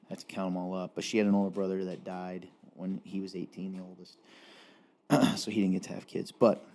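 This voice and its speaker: Earnest Appalachian man, dark low voice. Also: level tone, brisk, gravelly. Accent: Appalachian Southern. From Eastern Kentucky. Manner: earnest, rambling, with many restarts. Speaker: podcast co-host. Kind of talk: casual faith chat.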